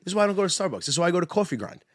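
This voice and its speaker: A man's voice: sits high, very animated, very fast, slight background noise. A young man in his twenties co-hosting a podcast, chatting casually and animatedly, swearing freely and laughing often. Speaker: podcast co-host, pitching coach.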